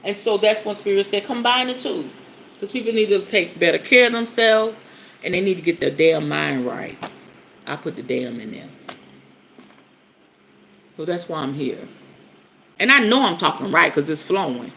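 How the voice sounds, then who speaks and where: A woman's voice: moderate pace, creaky, pauses often, slight background noise. A woman hosting a spiritual talk show, speaking in a casual, emphatic teaching style with frequent swearing and laughter. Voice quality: lively, animated pitch swings. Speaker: podcast host and spiritual teacher. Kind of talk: casual spoken teaching monologue.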